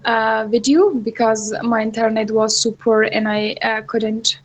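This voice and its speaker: A female student answers her teacher on a video call. She speaks slowly and flatly, and her voice sits a little high. She stops often and fills the gaps with many ums and uhs. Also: poor audio. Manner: halting, many fillers. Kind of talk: online class discussion.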